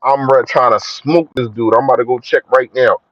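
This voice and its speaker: A young man chatting casually on a sports live stream, slangy and shouting out his viewers. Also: brisk, no echo. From Philadelphia. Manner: slangy, shouts out viewers, lively swings in pitch. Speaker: sports vlogger. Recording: dry, dull lo-fi phone audio.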